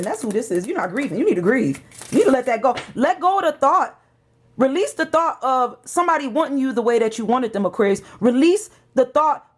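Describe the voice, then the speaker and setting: A woman gives a tarot reading. She talks in an emotional, preachy way, pressing each point with urgency. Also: sits high. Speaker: tarot reader.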